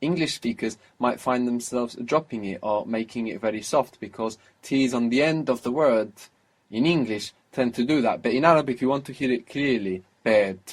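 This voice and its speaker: A man's voice: mid-range voice, moderate pace. Patient male language teacher. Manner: patient, explains grammar step by step, prompts the student. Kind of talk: guided language lesson.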